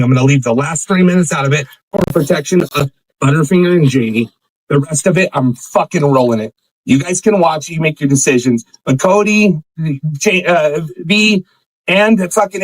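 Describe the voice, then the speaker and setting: A man's voice: high voice, no echo, low-quality recording. A man hosting a livestream, ranting angrily, swearing often and repeating himself. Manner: heated, profane, repeating himself. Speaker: livestream host. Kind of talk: angry livestream rant.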